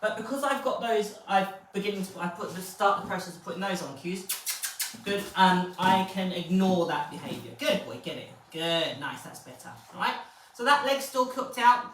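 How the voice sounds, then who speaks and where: A woman dog trainer, explaining steps calmly and then praising the dog in a high, excited voice. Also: moderate pace, slight background noise. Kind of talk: live training session commentary. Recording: very echoey, distant from the mic.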